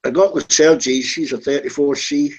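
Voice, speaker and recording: A man's voice: on the high side, steady tone, moderate pace, darkish tone, husky, poor audio. A man chatting bluntly in an online voice room, swearing and leaning on fillers. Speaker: chat room regular. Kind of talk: casual online group chat.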